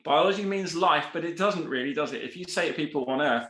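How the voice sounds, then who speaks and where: A man speaking as a guest scientist in a podcast interview, animated and quick with asides, acting out quoted voices as he explains. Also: fairly high pitch, roomy sound.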